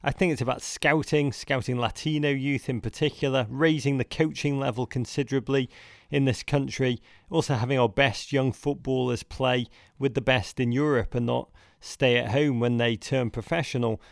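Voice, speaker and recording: A man's voice: mid-range voice, fairly even intonation, normal speed, vocal fry, dry recording, clean studio sound. A man hosting a podcast, chatting with a guest in a playful, theatrical way. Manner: playful, theatrical turns of phrase. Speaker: podcast host. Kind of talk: casual podcast conversation.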